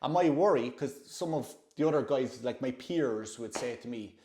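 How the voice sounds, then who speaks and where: An Irish man telling stories in relaxed, chatty conversation, at a middling pitch. The room gives his voice a roomy echo. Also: normal speed, a little hiss or hum. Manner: chatty, anecdotal. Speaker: host, former soldier. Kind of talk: casual chat.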